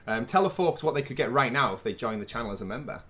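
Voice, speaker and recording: A man hosts a casual gaming podcast with a lively, swooping voice. He builds up news items with theatrical flair. His voice sits in a middle register. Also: medium pitch, fast. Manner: animated, theatrical build-ups. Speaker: podcast host. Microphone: remote call mic.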